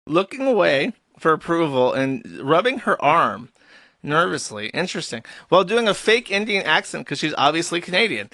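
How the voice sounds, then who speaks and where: A man's voice: a little high, very animated, normal speed, pushed and bright, no room sound. A man hosting a live stream, ranting with sarcastic, profane commentary. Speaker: streamer host.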